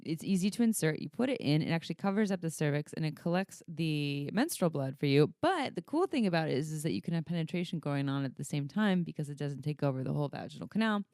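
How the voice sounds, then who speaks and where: A woman in casual podcast talk who speaks frankly and playfully. Her voice sits a little low. The sound is dry and close. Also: lively intonation, fast talker, hardly any pauses, darkish tone, no echo. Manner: frank, playful, laughs often. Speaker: podcast co-host, sex educator.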